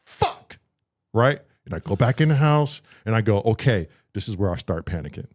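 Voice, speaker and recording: A man's voice: lowish voice, quick pace. A man casually telling a story on a talk show, acting out what people said and swearing freely. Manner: animated, acts out voices in his story. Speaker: podcast co-host telling a story.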